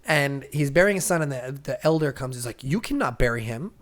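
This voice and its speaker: A young man co-hosting a casual podcast, retelling a comic story with lots of acted-out lines and sudden shouts. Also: medium pitch, fairly quick. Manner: animated storyteller, acts out characters' lines. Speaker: podcast co-host. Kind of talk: casual comic-book recap chat.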